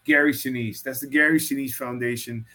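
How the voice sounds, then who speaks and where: A man's voice: medium pitch, fairly even intonation, sharp tone. A man hosting a casual sports chat over a video call, rambling with restarts. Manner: rambling, restarts, reads a quote haltingly. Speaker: podcast host.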